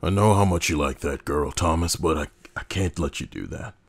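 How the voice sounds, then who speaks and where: A man voicing a gruff, crackling old farmer grandfather. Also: very deep voice, moderate pace, full character voice. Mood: somber. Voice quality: rough, crackling. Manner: scolding, firm. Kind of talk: horror story narration.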